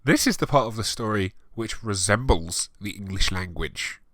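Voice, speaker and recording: A man's voice: fairly low pitch, animated, moderate pace, fairly bright tone, no room sound. Sweary, sarcastic man reading aloud. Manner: sarcastic, sweary, exasperated asides. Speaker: reader and commentator. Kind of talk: comedic dramatic reading with commentary.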